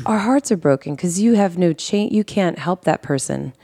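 Gravelly, husky and warm, this woman's low, expressive voice comes through in clean studio sound with no room noise. She tells her life story candidly as a podcast guest host, emotional and earnest, often correcting herself mid-sentence.

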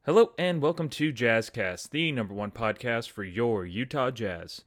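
A man's voice: mid-range voice, lively intonation, normal speed, faint music behind. A man hosting a scripted comedy podcast with an upbeat, polished delivery. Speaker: podcast host.

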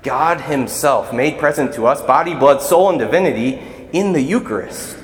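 A man's voice: medium pitch, animated, moderate pace. Guy deacon giving a chatty earnest sermon, big echoey church, long reverb. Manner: conversational, earnest preaching.

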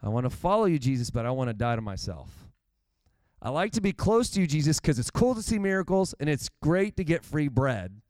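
A man delivers a sermon in a chatty, lively way, dropping asides to the congregation. His voice sits a little high and sounds smooth and resonant. The recording is dry and close. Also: brisk, dry recording. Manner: conversational and animated, with asides. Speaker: pastor.

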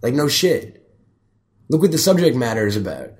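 A man's voice: mid-range voice, very animated, moderate pace, a little mellow. A man hosting a casual podcast, rambling and swearing freely as he teases his co-host. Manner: rambling, profane, teasing. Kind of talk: casual chat.

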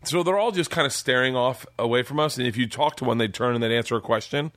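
A man in his forties, a comedian telling long, animated stories in a casual chat, swearing freely. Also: medium pitch, fast, dry recording, clean studio sound. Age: 40s. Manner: animated, profane storyteller. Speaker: comedian guest.

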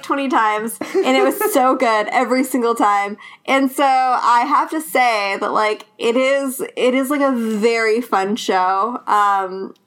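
A woman with a somewhat high-pitched voice chats casually as a podcast guest. She rambles through her thoughts, filling pauses with "like" and "um" and laughing often. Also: a bit bright. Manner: giggly, rambling with many fillers. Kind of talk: casual chat.

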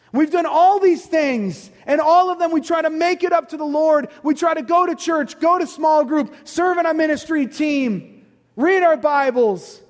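A male pastor preaching a sermon with passion, repeating phrases and rising to shouts. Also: very high voice. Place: church sanctuary. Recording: long reverb of a large hall.

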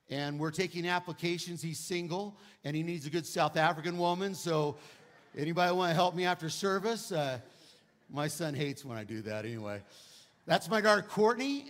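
Fifties male preacher, a touch high-pitched, earnest testimony delivery that swings from loud emphasis to soft, low sorrow. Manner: earnest storytelling, rising loud on key lines, dropping soft and low on sad parts. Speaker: guest preacher. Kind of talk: sermon with personal testimony. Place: church sanctuary.

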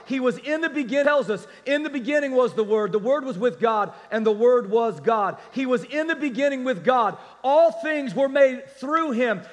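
High-voiced man preaching in an echoey hall. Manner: energetic preaching, calls out to the congregation. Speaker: pastor. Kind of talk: sermon.

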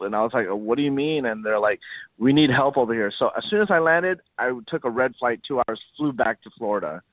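A man's voice: mid-range voice, a little fast, no room sound. Easygoing man on a tinny phone line. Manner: easygoing, tells stories with quoted dialogue. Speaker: guest on the phone. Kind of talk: casual phone interview.

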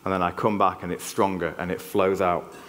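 Yorkshire man, preacher, somewhat low voice, earnest conversational sermon, reverberant hall. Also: little pitch movement, fairly quick, a bit bright, slight background noise. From Yorkshire, England. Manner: earnest, conversational, frequent restarts. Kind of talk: church sermon. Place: church hall. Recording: long reverb of a church hall.

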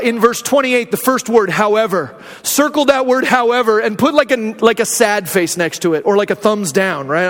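A man preaching a sermon as pastor, retelling scripture and acting out the quoted speakers. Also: high-pitched. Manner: animated storytelling, acting out quotes. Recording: long hall reverb.

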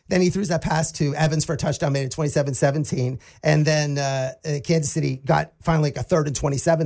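Fast, high-voiced excitable man. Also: creaky. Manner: excited, incredulous, rambling recap. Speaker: podcast co-host. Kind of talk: casual sports chat.

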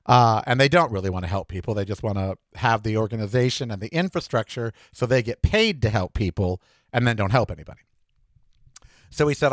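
A man hosting his own podcast, telling a personal story in a chatty, animated way and acting out both sides of quoted conversations. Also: fairly low pitch, brisk, dry recording, studio quality. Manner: chatty, animated, talks back and forth with himself in quoted dialogue. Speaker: podcast host. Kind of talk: casual monologue storytelling.

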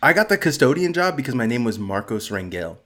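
A man's voice: mid-range voice, sing-song, a little fast, a bit bright. Laid-back, joking man swearing casually. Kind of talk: casual podcast chat.

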